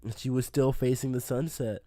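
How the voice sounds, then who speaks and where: A young man in casual podcast chat, telling animated stories and breaking into laughter. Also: medium pitch, moderate pace, slight background noise.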